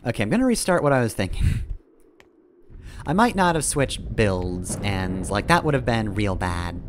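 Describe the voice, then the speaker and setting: A man's voice: lowish voice, big pitch swings, unhurried, slight background noise. A man streaming a game, giving rambling, casual commentary, often correcting himself and chuckling.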